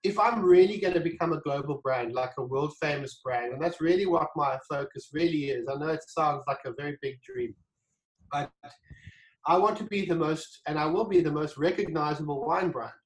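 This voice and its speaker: A man telling a story as an interview guest, animated and acting out the dialogue, with frequent restarts. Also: a little high, moderate pace, echoey room, low-quality recording. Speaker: guest, wine brand founder.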